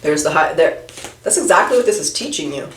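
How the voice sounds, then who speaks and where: A woman's voice: low-pitched, big pitch swings, fairly quick, roomy sound, a little hiss or hum. A woman giving a casual tarot reading and talking straight to the viewer, often trailing off and restarting her sentences. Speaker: tarot reader.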